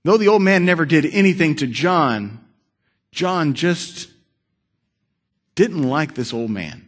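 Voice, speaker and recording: A man preaching a sermon, telling a story with dramatic shifts between loud and hushed delivery. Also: a little high, expressive, slow pace.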